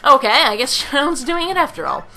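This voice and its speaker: A woman's voice: sits high, expressive, fairly quick, creaky, sharp tone. A young woman chatting casually as she plays through a video game, now and then reading the characters' lines aloud in put-on voices. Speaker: let's play commentator. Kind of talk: casual game commentary with dialogue read aloud.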